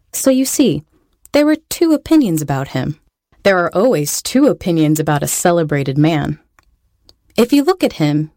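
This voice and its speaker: Storybook reader, woman, playful and wry, lowish voice, dry close recording. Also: a little mellow, dry recording. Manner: playful, with wry asides to the listener. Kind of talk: storybook reading aloud.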